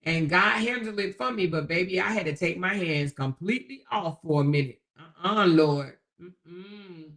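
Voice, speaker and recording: A woman's voice: fairly low pitch, moderate pace, hardly any pauses, fairly bright tone. A middle-aged woman hosting a casual livestream, reading viewer comments in a folksy way, calling listeners baby and honey and chuckling often. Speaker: livestream host.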